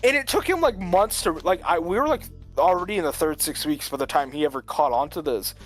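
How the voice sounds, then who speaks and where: Rambling man with a higher voice. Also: lively intonation, a little fast, faint music behind. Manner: rambling, full of "like", chuckles often. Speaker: streamer telling a story. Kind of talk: casual chat.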